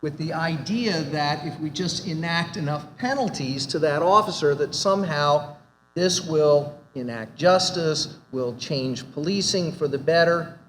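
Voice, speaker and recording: A man's voice: fairly high pitch, unhurried, a bit bright. A man on an academic panel arguing emphatically, posing rhetorical questions. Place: conference hall. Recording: hall reverb with faint noise.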